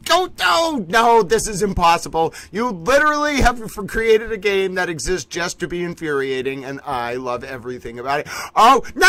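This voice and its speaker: A man co-hosting a livestream, chattering excitedly while playing a game and making mock-grand announcements. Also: fairly high pitch, no echo. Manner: theatrical, mock-grandiose, exclaiming. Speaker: livestream co-host.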